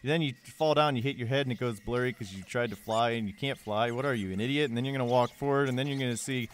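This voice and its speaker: A man's voice: medium pitch, fast. A young man narrating a game walkthrough in a casual, joking way, with sarcastic asides. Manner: joking, sarcastic asides with goofy put-on quotes.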